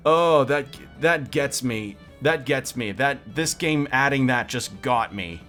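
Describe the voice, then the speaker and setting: Streamer, game commentary, gushing and excitable, mid-pitched man, faint music behind. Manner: gushing, excitable, repeats himself. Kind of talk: casual let's-play commentary.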